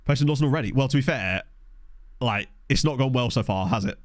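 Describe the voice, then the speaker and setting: A man's voice: medium pitch, a little fast, dry recording, studio quality. A young man casually chatting and laughing as he streams a management game, talking into a desk mic. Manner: animated, laughs often, chatty asides. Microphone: desk condenser mic.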